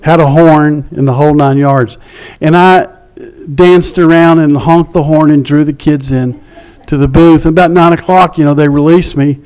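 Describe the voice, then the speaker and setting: A male pastor telling a personal story in a sermon, conversational, dropping to a hush at quiet moments. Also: fairly high pitch, steady tone, normal speed, clean tone.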